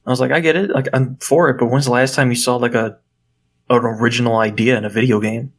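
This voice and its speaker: A young man co-hosting a podcast, telling a story in a casual, animated way and swearing freely. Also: mid-range voice, fast. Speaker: podcast co-host. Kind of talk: casual chat.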